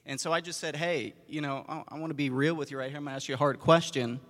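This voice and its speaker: Earnest guy, kinda high voice, sharing his story, echoey hall. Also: steady tone, quick pace, fairly bright tone. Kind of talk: casual testimony. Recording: long hall reverb.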